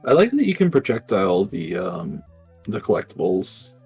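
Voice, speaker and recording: A man's voice: medium pitch, wildly swooping pitch, gravelly, a little mellow, husky, faint music behind. A man chatting casually in a gaming commentary, rambling and restarting his sentences. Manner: rambling, halting, many restarts.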